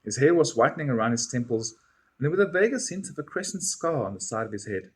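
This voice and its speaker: Husky guy reading a story, voice goes up and down a lot. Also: medium pitch, big pitch swings, quick pace. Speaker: reader. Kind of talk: scripted first-person story narration.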